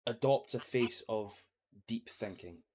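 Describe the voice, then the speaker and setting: A young man narrating a tabletop game as game master, halting with frequent fillers. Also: mid-range voice, darkish tone, slightly rough.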